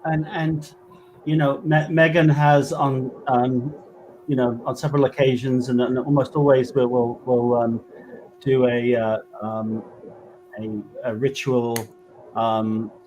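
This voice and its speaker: Halting West Country English man. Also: mid-range voice, little pitch movement, darkish tone, slight background noise, low-quality recording. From England. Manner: halting, many fillers and restarts. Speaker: guest medium. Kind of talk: casual interview chat.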